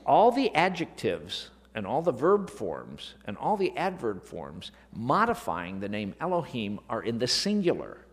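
A Bible teacher delivers a sermon-style lesson from the pulpit of a large hall, his mid-range voice rising and falling with lively emphasis. He speaks unhurriedly with few pauses, often firing rhetorical questions at the congregation, and his words carry a long echo.

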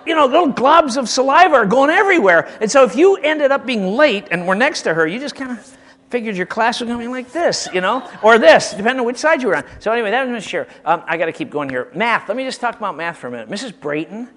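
A man's voice: extremely high pitch, quick pace, a little hiss or hum. A man from Michigan telling comic anecdotes about his old school teachers in a casual storytelling style. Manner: animated, comic, acts out quotes, frequent restarts.

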